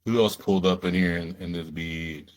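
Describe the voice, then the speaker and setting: A man's voice: low-pitched, fairly even intonation, normal speed. Laid-back man hosting a livestream. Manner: laid-back, profane, talks straight to viewers. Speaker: livestream host. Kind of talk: casual livestream chat.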